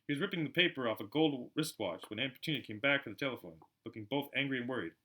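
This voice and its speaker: A man reading a novel aloud as an audiobook, expressive and with occasional self-corrections. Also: mid-range voice, fast talker. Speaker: audiobook reader.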